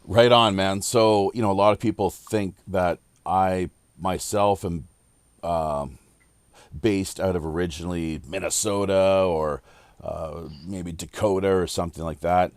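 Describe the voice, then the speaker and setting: Low-voiced rambling male podcast host. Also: fairly even intonation, smooth, no echo. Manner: rambling, filler-heavy, deliberate. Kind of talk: casual round-table chat.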